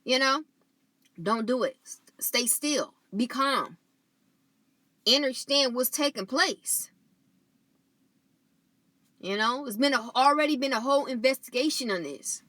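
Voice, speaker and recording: A woman's voice: a little high, sharp tone, no room sound. A woman talking casually and spiritually to her viewers, saying "you know" often and restarting her sentences. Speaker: channel host.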